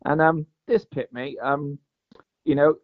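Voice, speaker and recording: A man's voice: a little high, fairly even intonation, a little slow. Rambling man, dull lo-fi sound. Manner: rambling, lots of fillers and "mate". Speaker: guest angler. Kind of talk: casual storytelling chat. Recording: dull lo-fi podcast audio.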